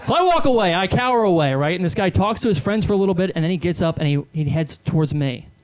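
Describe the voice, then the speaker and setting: A man's voice: sits high, animated, fast talker. A man in his thirties doing stand-up comedy, telling self-deprecating stories in a rambling way full of fillers. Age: 30s.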